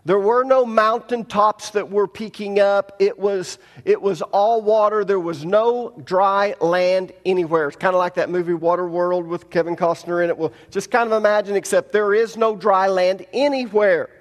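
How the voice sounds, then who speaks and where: A man's voice: high-pitched, fairly even intonation, moderate pace, few pauses, in a large hall. A man teaching a Bible lesson to a congregation, explaining each point plainly and step by step. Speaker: pastor.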